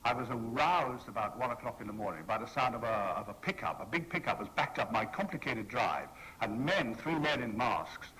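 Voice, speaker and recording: A man in his sixties holds a convention audience with a rambling anecdote, his bright, ringing voice leaping up and down as he acts out each person he quotes. He speaks into a stage microphone in a hall with a faint hum of noise behind him. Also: mid-range voice, lively intonation, fairly quick, hardly any pauses. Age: 60s. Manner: theatrical, playful, acts out the people he quotes. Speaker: convention panel guest.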